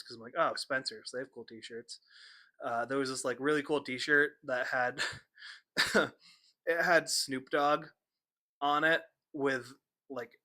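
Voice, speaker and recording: A young man with a bright, forceful voice tells stories on a casual podcast. He is animated and laughs a lot. He acts out what other people said. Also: mid-range voice. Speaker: podcast co-host. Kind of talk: casual storytelling chat.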